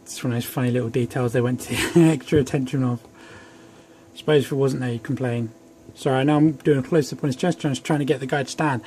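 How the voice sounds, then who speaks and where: A fast-talking young man casually reviews an action figure from home in a steady, medium-pitched, slightly mellow voice. His talk rambles with self-deprecating comments, and faint background noise can be heard.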